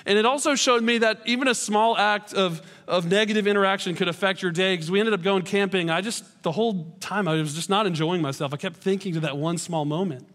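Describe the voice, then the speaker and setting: A man's voice: high-pitched, fairly quick, hardly any pauses, a bit bright. A man, a pastor in his thirties, giving a sermon in a church auditorium and telling stories with self-deprecating humor. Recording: long hall reverb.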